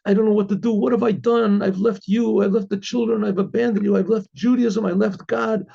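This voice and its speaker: A man voicing an ashamed husband who pleads in a high, anguished voice. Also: steady tone, brisk, creaky, warm tone, slightly rough, lo-fi sound, exaggerated voice. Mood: pleading. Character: ashamed husband crying out at a card table.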